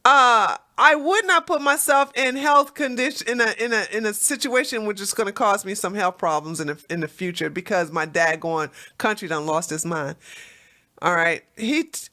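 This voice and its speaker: Bright-voiced woman chatting on a livestream. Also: a little high, moderate pace. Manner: animated storytelling with frequent laughs and repeated words. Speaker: livestream host reading chat. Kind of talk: casual livestream chat.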